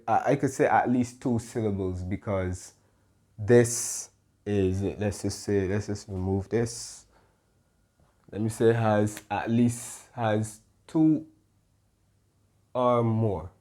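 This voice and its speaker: A man's voice: fairly low pitch, darkish tone. A man teaching a Spanish lesson, patiently explaining rules, checking in with "okay?" and correcting himself as he goes. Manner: pauses and corrects himself mid-sentence. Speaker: Spanish tutor.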